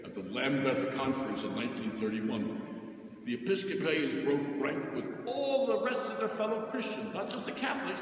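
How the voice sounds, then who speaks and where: A man preaching a sermon as a Catholic priest, emphatic, swinging from loud declarations to soft, quiet asides. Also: medium pitch, slight background noise. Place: church. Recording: very echoey church from far off.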